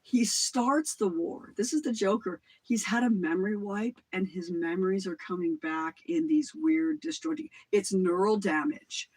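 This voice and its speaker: Middle-aged livestream host, husky and lively, rambling and casually profane. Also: mid-range voice, unhurried, few pauses, poor audio. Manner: rambling, swears casually, jumps between claims.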